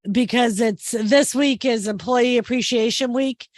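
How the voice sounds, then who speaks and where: A woman's voice: on the high side, a little slow, no echo. Chatty Boston woman telling stories. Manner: chatty storyteller, acts out quotes. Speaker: co-host. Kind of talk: casual livestream chat.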